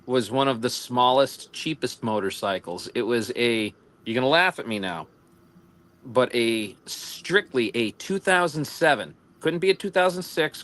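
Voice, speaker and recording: A man's voice: medium pitch, a bit bright. A man with an American accent telling rambling stories in a casual livestream chat, laughing often. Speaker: livestream co-host.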